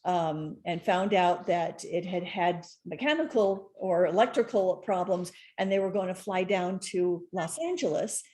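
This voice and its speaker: A woman sharing a testimony in a casual, halting way, with many pauses and fillers. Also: fairly low pitch, dark tone. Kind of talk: casual storytelling.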